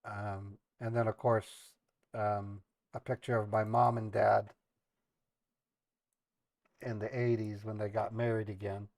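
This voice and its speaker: A man's voice: on the low side, creaky, a little mellow, no room sound. A middle-aged man casually telling family stories on a livestream, rambling, repeating words and laughing at his own jokes. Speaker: live streamer and scambaiter.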